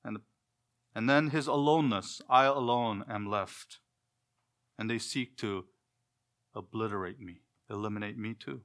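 A man preaching an expository sermon, asking the listeners questions and answering them himself, often trailing off softer at the ends of phrases. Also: fairly low pitch, a little slow, long pauses.

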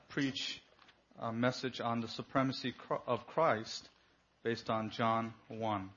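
Fervent male preacher, lo-fi sound. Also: mid-range voice. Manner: fervent, swings from hushed to loud. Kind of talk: sermon. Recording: dull lo-fi recording.

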